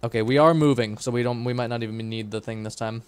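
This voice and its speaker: A man's voice: mid-range voice, fairly even intonation, fast, clean tone. A man streaming a game live, chatting and joking with his co-player and chat. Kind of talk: casual livestream gaming chat.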